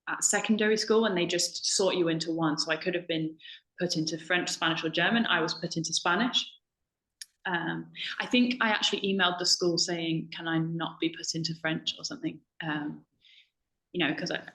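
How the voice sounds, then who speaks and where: Young woman talking on a video call, lots of ums, kinda low voice, roomy echo. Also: fairly bright tone. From United Kingdom. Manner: chatty, many ums and self-corrections. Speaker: language assistant. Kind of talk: casual webinar chat.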